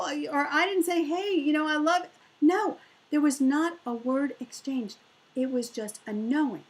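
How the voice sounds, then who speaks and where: A middle-aged woman, a motivational speaker, telling a personal story in an animated way and acting out the voices of the people in it. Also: low-quality recording. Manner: animated, acts out quoted voices with big pitch jumps.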